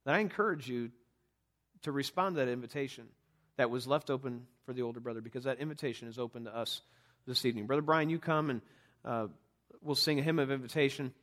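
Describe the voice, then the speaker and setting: A man's voice: mid-range voice, fast talker, fairly bright tone. A man preaching a Sunday evening sermon as pastor, pleading with listeners and often repeating words as he stresses a point. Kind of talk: sermon with altar call.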